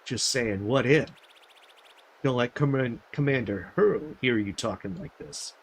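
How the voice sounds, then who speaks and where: A man's voice: medium pitch, unhurried, a little hiss or hum, pitched above the performer's own voice, natural voice. A man voicing grumbling gremlin guards who bicker on a cold night watch in a game. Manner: whiny, bickering.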